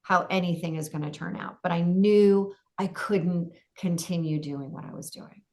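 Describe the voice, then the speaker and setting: A woman's voice: fairly low pitch, moderate pace, darkish tone. A middle-aged woman, a coach and podcast guest, telling a personal story vividly and acting out her own inner voice.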